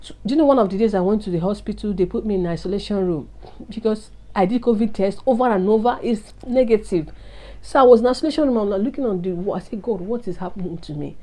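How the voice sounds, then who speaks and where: A woman's voice: medium pitch, fast talker, mellow. A woman, telling an emotional personal testimony and confiding in her viewers. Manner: earnest, confiding, addresses viewers as guys. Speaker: vlogger sharing a testimony.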